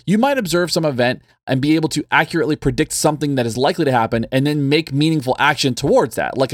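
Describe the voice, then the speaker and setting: A man co-hosting a relaxed podcast, thinking out loud in a loose, rambling way. His voice is a little higher than most men's, and the recording is close and dry. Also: dry recording. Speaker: podcast co-host. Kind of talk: casual conversational podcast.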